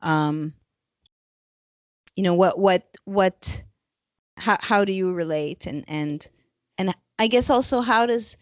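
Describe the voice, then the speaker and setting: A woman's voice: medium pitch, slow pace, pauses often, no echo, studio quality. A woman interviewer asking long, rambling questions. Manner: rambling multi-part questions. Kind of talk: conversational interview.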